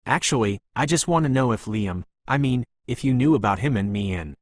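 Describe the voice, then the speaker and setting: A man voicing a composed, guarded young pregnant woman who talks in a steady, restrained, slightly brusque way. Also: medium pitch, a little fast, no echo, clean studio sound, natural voice.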